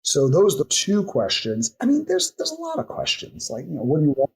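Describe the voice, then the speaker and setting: A very husky, raspy man guesting on a podcast as a coaching expert. His pitch swings up and down a lot as he reels off chains of questions to a client, and he now and then acts out the client's answers. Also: huge pitch swings. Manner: teaching by firing off strings of coaching questions; acts out client replies in quick asides. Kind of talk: podcast interview explanation.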